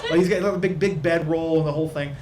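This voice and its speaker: A man's voice: on the high side, fairly even intonation, quick pace. A man narrating a tabletop game as game master, rambling with many restarts. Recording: roomy, distant mic, light noise.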